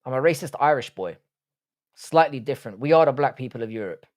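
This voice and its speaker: A man's voice: mid-range voice, lively intonation, quick pace. A young man who grew up in the UK, hosting a live stream and reading out viewer comments in blunt, sweary casual chat. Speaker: livestream host.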